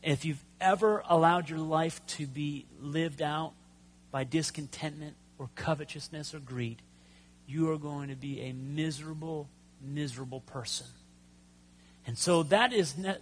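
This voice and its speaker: A man preaching a sermon, telling stories with pauses and sudden loud emphasis. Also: fairly high pitch. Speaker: pastor.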